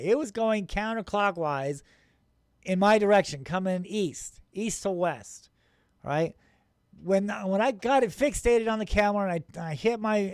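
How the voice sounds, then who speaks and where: High-pitched guy excitedly talking over his ufo clip, smooth voice, dry close sound, keeps restarting sentences. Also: no echo. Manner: excitable, rambling, with many restarts and chuckles; incredulous toward skeptics. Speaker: paranormal channel host. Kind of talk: casual commentary over his own video footage.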